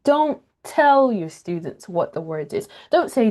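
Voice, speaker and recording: A teacher trainer on a video call, presenting a webinar and working through practical steps with examples in an upbeat manner. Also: female voice, lowish voice, big pitch swings, slow pace, few pauses, warm tone. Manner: upbeat, explains step by step with examples.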